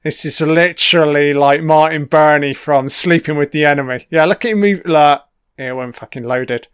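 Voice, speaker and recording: A man's voice: fairly high pitch, moderate pace, clear, resonant tone, dry recording, studio quality. A man giving a casual, profane commentary on a film, swearing constantly and cheering at the screen.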